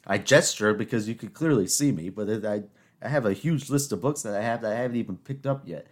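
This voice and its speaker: Rambling young male podcast host, low-voiced. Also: fast. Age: 20s. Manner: rambling, self-mocking, rising into exasperated rants. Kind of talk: casual solo podcast monologue.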